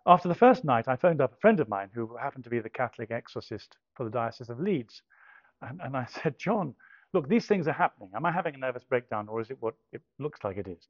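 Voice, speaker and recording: In a dull, dry recording, a mid-range male voice delivers a personal testimony as storytelling. The older speaker is hesitant and puts himself down, often starting over and adding dry humour.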